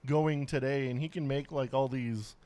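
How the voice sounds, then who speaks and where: A man's voice: mid-range voice, steady tone, normal speed, mellow. Matter-of-fact male podcast guest. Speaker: podcast co-host. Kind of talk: casual chat.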